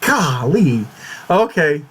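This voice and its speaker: A man's voice: fairly high pitch, big pitch swings, very slow, a bit bright, slightly rough. A man hosting his own vlog, talking casually and fretfully, swearing often and restarting his words. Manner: swears a lot, repeats and restarts words in agitation; fretful, exclamatory. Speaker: YouTube channel host.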